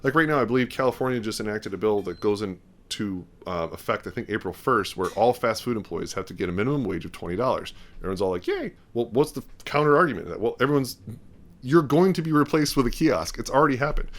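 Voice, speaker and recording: A man's voice: lowish voice, lively intonation, fast talker. A man hosting a podcast, talking in a casual, rambling way and acting out bits of quoted dialogue. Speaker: podcast host. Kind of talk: casual talk.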